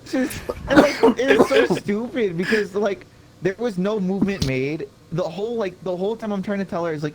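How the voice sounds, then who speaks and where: A man's voice: sits high, moderate pace, poor audio. A young man co-hosting a podcast, telling a story in a rambling way with lots of filler and frequent laughter. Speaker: podcast co-host.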